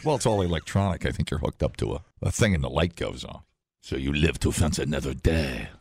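A man's voice: extremely low pitch, animated, fairly quick, vocal fry, a little mellow, slightly rough, no room sound. A man hosting a morning radio show, rambling and joking with plenty of fillers.

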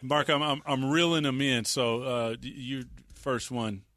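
A man's voice: mid-range voice, steady tone, measured pace, fairly bright tone, no echo, studio quality. A man hosting a casual chat, playful and hyped, talking in slang. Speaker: host.

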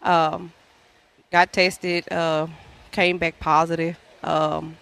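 A woman's voice: sits low, little pitch movement, very slow, creaky, fairly bright tone, smooth. Female guest, Southern accent, hesitant, heartfelt, lots of fillers. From Louisiana. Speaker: guest, traveling worker. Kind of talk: personal story in an interview.

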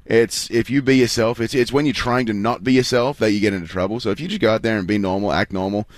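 Brief: Australian man, 30s, rapid easygoing talk, slightly low voice. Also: fairly even intonation, no room sound. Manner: easygoing, chatty, many fillers and restarts. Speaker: guest, pro baseball pitcher. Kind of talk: casual radio interview. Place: live broadcast at a spring training ballpark.

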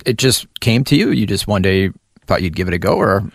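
A man's voice: on the low side, lively intonation, brisk, creaky, no echo. A male radio host leading a playful studio interview.

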